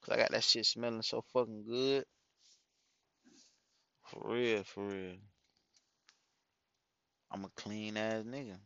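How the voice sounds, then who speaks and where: A man's voice: lowish voice, little pitch movement, slow, pauses often, sharp tone, clean tone, no echo, lo-fi sound. Rambling, profane man telling stories. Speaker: father talking to his followers. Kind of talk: casual storytelling monologue.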